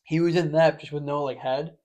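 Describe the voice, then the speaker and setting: A young man co-hosting a podcast in casual chat, rambling and animated, acting out quotes in loud voices. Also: on the high side, fairly quick. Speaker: podcast co-host.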